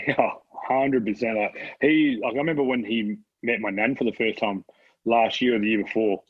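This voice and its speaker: Laid-back Australian man, husky and swearing. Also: mid-range voice, steady tone, normal speed, dry recording, dull audio. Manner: laid-back, swears freely, laughs often. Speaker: podcast guest. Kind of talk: casual chat.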